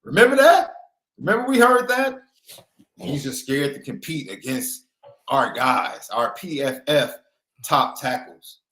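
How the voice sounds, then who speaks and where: Lively teasing man co-hosting. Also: medium pitch, a little slow, roomy sound. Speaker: podcast co-host. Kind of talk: casual sports chat.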